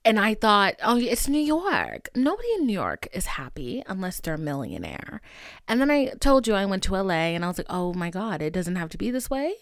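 Young female podcast host, casual and animated, acts out dialogue; dry, close sound. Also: medium pitch, brisk, dry recording. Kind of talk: casual chat.

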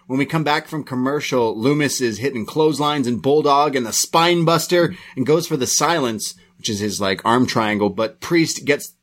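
A man's voice: mid-range voice, normal speed, hardly any pauses, a bit bright. A man co-hosting a podcast, giving a rambling, casual play-by-play recap with frequent restarts. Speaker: podcast co-host reviewing wrestling.

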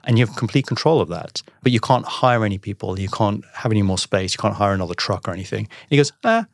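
A man telling a personal business story in a casual interview, acting out the dialogue with animated voices. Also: lowish voice, fast talker, vocal fry, dry recording, studio quality. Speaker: podcast guest, entrepreneur.

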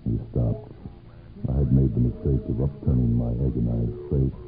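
A man narrating a first-person story for radio, with a measured, brooding delivery and long pauses. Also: a bass voice, little pitch movement. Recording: lo-fi narrow-band 1970s radio recording with faint music.

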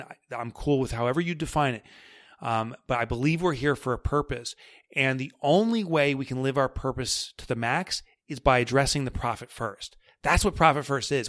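A man being interviewed as a guest author, talking in an energetic, emphatic and jokey way. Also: medium pitch, dry recording, studio quality. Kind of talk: podcast interview.

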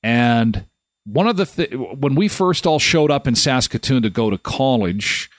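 A man's voice: mid-range voice, lively intonation, dry recording, clean studio sound. A man in his fifties from Canada hosting a live daily talk show, rambling and joking as he tells stories. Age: 50s. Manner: rambling, jokey storyteller with quick asides. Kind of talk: casual solo talk show.

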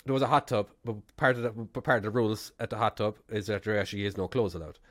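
A man's voice: fairly low pitch, steady tone, fast, a bit bright. Laughing Irish man telling stories. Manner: rambling storyteller, laughs often. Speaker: podcast co-host. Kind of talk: casual chat.

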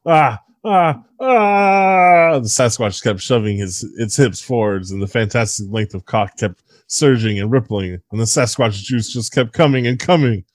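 A man with a low voice reads aloud in a deadpan, mock-serious way, as if narrating a grim tale. His voice is dry and close, with no room sound. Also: normal speed, no echo. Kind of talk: dramatic comic reading.

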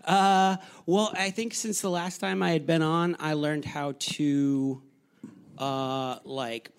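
A man guesting on a live comedy podcast, talking in a soft, hesitant way with many fillers. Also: on the high side, fairly even intonation, slow pace, clear, resonant tone. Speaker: guest comic artist. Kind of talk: casual chat.

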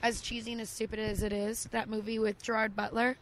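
A young woman from New Mexico chats casually as a podcast guest, slipping into little voices as she tells stories. Her voice sits a touch high. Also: level tone, quick pace, low-quality recording. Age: young adult. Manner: chatty, acts out voices in anecdotes. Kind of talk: casual chat.

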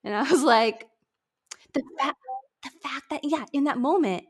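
A woman's voice: high voice, moderate pace. A woman in her thirties hosting a podcast, talking casually with lots of restarts, fillers and laughter. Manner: chatty, laughs often, many restarts and fillers. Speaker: podcast host.

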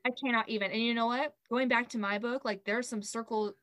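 A woman's voice: on the high side, steady tone, brisk, fairly bright tone, no echo. A woman in casual conversation who speaks her mind emphatically and peppers her talk with "like". Her voice sits in a middle range and sounds close and dry. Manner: opinionated, emphatic, frequent "like". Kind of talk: casual chat.

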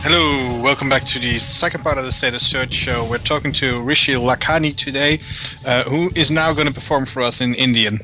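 Guy hosting a web radio show, bright clear tone, lots of uhs and ums, chatty. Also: medium pitch, steady tone, fairly quick, faint music behind. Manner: hesitant, many filler sounds, laughs easily. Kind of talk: casual interview chat.

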